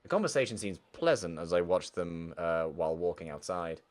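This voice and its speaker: A man's voice: deep voice, lively intonation, fairly quick. A young man reading a visual novel aloud and reacting casually, often swearing. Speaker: game streamer. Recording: faint game music underneath.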